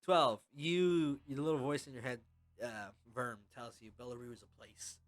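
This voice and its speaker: A man's voice: mid-range voice, moderate pace. A man narrating as game master in a loose, casual way with lots of fillers.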